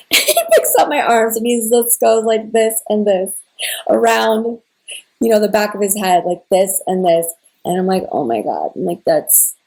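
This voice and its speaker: In a casual, meandering way, a young woman who makes spiritual content recounts something personal, emotionally re-enacting a conversation and peppering it with "like." Her voice sits in the mid range with a slightly mellow quality.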